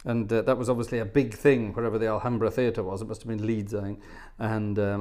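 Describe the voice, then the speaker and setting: A man's voice: lowish voice, level tone, fast, a little mellow. A man from Scotland, hosting an organ livestream, chatting casually and telling anecdotes while reading viewer comments.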